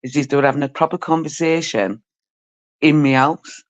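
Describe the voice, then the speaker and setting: A man chatting casually in a jokey way, firing off quick anecdotes. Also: on the high side, dull audio. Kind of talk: casual chat.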